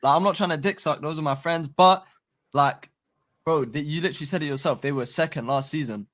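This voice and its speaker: A man on a podcast debating casually, animated and argumentative, with a lot of slang. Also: fairly high pitch, a little fast. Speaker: podcast guest.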